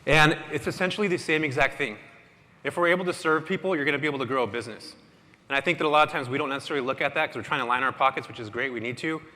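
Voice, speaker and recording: A man giving an energetic, casual motivational talk to a live audience in a large hall, often quizzing the crowd. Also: medium pitch, very fast. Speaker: conference speaker. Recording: echoey hall with long reverb.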